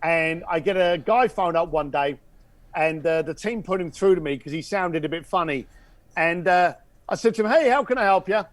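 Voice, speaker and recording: A man's voice: a little high, normal speed, no room sound. A man, a podcast guest, telling an anecdote and acting out the voices in it. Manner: animated storyteller, acts out voices, drops to a hush for effect. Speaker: podcast guest, concierge founder. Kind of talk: storytelling anecdote.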